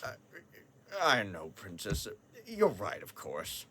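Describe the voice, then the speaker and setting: Over a video call, a young actor in a school play voices a rich, forgetful old father who is gruff yet doting. In a low, full character voice with wildly swooping pitch, he takes it slowly, blustering and stammering, snapping and then cooing.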